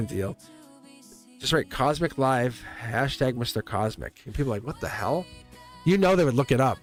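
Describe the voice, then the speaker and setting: A man's voice: mid-range voice, animated, moderate pace, faint music behind. Chatty man hosting a tarot stream. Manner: rambling, chuckles often, joking with viewers. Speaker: tarot reader and live stream host. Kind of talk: casual live stream chat.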